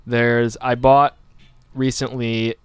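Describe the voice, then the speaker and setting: A man's voice: mid-range voice, flat delivery, slow, clear, resonant tone, no room sound. A man hosting a casual radio talk show, rambling and joking with many restarts. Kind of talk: casual chat.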